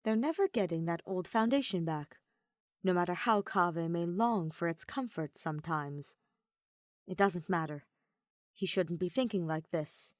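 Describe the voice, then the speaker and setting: Low-voiced woman narrating a story. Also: animated, a little slow, no echo, studio quality. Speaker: podfic reader. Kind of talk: audiobook narration of fan fiction.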